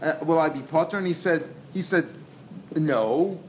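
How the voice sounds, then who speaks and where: A man's voice: fairly high pitch, quick pace, a little hiss or hum. A man teaching a Talmud lesson, repeating himself and acting out the dialogue while mixing in Hebrew and Aramaic terms. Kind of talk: lecture explaining a text.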